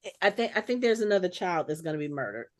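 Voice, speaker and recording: A woman hosting a podcast in casual chat, thinking out loud and restarting her sentences as she speculates. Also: on the low side, expressive, quick pace. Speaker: podcast host.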